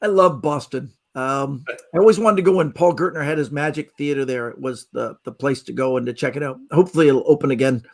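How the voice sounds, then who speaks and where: A man's voice: mid-range voice, fast talker, vocal fry, hardly any pauses. A middle-aged man from Canada, a magician guest, telling stories in casual podcast talk and acting out the voices of people in them. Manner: animated storyteller acting out quoted voices.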